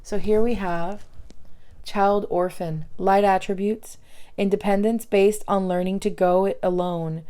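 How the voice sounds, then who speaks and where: A young woman giving a pick-a-card tarot reading, emotional and thinking aloud with many pauses and fillers. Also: medium pitch, fairly even intonation, mellow, clean tone.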